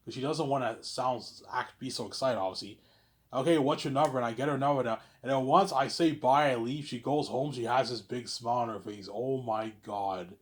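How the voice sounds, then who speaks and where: A man's voice: medium pitch, brisk, hardly any pauses. Stammering man rambling to camera. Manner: stammering, repeats words, keeps saying "obviously". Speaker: vlogger. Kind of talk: rambling casual monologue.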